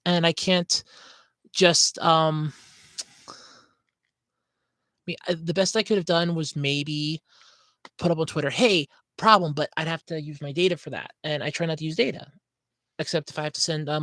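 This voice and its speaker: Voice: medium pitch, a bit bright, no room sound. A podcast host talking casually on a livestream, rambling, scatterbrained and apologetic, ranting in frustration.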